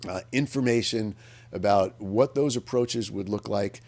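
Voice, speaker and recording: In a low-ish, slightly mellow voice at a measured pace, a radio host offers an unscripted public affairs commentary. He speaks earnestly and emphatically, often starting his sentences over as he works through his thoughts.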